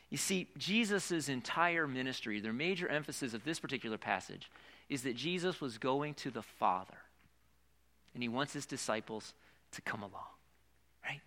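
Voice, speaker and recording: Bright-voiced male pastor preaching. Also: mid-range voice, animated, moderate pace. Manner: dramatic swings from loud emphasis to hushed whispers; conversational preaching with rhetorical questions. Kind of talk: sermon.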